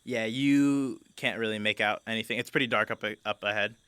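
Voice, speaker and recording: A man's voice: fairly low pitch, fairly even intonation, a little fast, bright, forceful tone, slight background noise. A man running a tabletop role-playing game as game master, chatty and loose with plenty of fillers and restarts.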